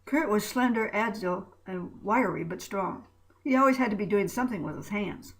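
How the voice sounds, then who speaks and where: A woman's voice: medium pitch, normal speed, poor audio. A woman narrating a story aloud, reading with small slips and restarts.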